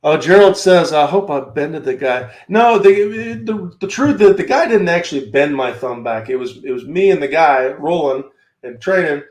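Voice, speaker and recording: A man's voice: a little high, lively intonation, normal speed, darkish tone. A man with a Southern American accent teaching handgun technique on a livestream, chatting to viewers by name as he demonstrates on camera. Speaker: firearms instructor hosting a livestream. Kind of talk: live-streamed teaching and reading viewer comments. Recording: echoey room.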